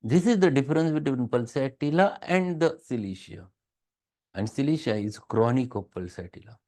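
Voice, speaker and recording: A man's voice: mid-range voice, animated, moderate pace. A man with a Marathi-tinged Indian English accent gives a classroom lecture, stressing and repeating key words. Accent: Marathi-influenced Indian English. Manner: emphatic, repeats key words, acts out patients' soft replies.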